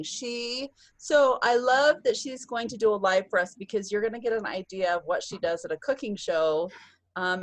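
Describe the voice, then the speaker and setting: A woman's voice: medium pitch, dry recording, low-quality recording. A woman leading a virtual sales-team meeting over a video call, bubbly and upbeat, cheering often. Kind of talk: upbeat online meeting announcements.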